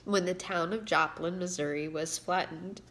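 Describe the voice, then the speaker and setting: A woman's voice: lowish voice, steady tone, a bit bright. Emotional woman reading her own book. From Indiana, USA. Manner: emotional, halting, reading aloud with pauses. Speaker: author and giving speaker.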